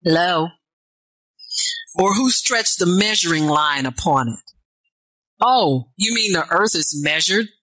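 A woman's voice: lowish voice, expressive, slow, long pauses, dry recording, rough recording. A woman preaching a sermon, reading scripture and answering herself with asides that rise toward fervent calls. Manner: call-and-response asides, rising to fervent near-shouts.

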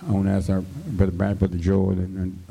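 Deep, dark-voiced preacher exhorting. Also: male voice, completely flat delivery, a little fast, vocal fry, slightly rough. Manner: exhorting, call-and-response, frequent hallelujahs. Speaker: pastor. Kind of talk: radio sermon.

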